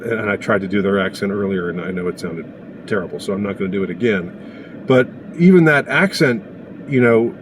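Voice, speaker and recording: Halting, indignant man ranting to camera. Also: fairly low pitch, noisy background. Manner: indignant and sarcastic, halting with many pauses. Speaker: commentator. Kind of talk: casual opinion monologue.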